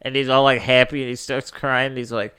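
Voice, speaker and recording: Animated young man with smooth voice. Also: medium pitch, brisk. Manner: animated, swears, retells scenes with voices. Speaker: podcast co-host. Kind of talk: casual chat.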